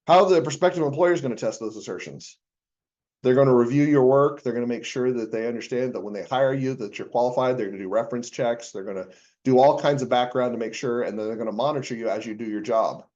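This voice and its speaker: A man's voice: mid-range voice, fast, darkish tone, dull audio. A male accounting professor giving a conversational university lecture, asking the class rhetorical questions with frequent fillers.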